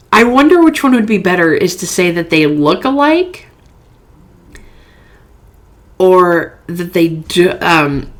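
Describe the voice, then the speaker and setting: Playful woman narrating a game. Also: fairly low pitch. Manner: playful, chatty. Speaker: gaming channel host. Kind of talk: playthrough commentary, reading chat messages aloud.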